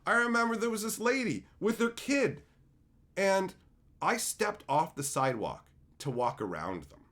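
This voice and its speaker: A man's voice: high-pitched, big pitch swings, a little slow, fairly bright tone. A man hosting a livestream who talks bluntly and with lots of profanity, telling combative stories. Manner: acts out quotes with big swings in voice. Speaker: streamer and show host. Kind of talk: casual rant on a livestream.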